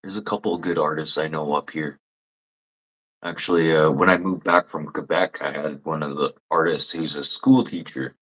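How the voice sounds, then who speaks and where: A Canadian man chatting with viewers on a livestream, blunt and rambling, swearing freely and mimicking people in high mocking voices. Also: fairly bright tone, slightly rough, rough recording. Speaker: livestream host. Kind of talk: casual live chat with viewers.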